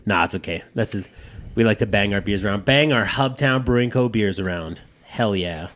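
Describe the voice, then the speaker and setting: A man's voice: on the low side, normal speed, fairly bright tone. A man chatting casually as a podcast host, rambling and swearing freely with lots of restarts. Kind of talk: casual chat.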